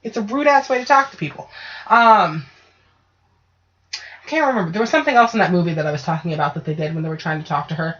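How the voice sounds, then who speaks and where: Female podcast host, casual and foul-mouthed, animated storyteller; muffled lo-fi sound. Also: lowish voice, fast, long pauses. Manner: profane, ranting, animated storytelling. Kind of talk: casual chat. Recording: dull lo-fi podcast audio.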